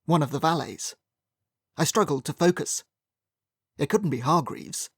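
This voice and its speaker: A man's voice: fairly high pitch, expressive, unhurried, fairly bright tone, slightly rough, dry recording. A man narrating a mystery audiobook in the first person, with dry, wry storytelling.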